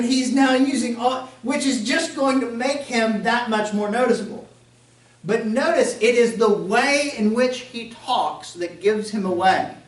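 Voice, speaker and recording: A man's voice: high voice, roomy sound, distant mic. A man with a faint Southern American accent, preaching a sermon as pastor in a conversational way, with joking asides and acted-out quotes. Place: church sanctuary.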